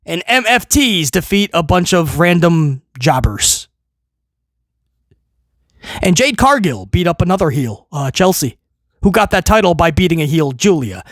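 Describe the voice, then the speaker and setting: A man's voice: high voice, lively intonation, measured pace, pauses often, a bit bright, no room sound. Male wrestling podcast host, sarcastic ranter, dry close sound. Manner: mocking, exasperated, sarcastic. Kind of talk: sarcastic ranting commentary.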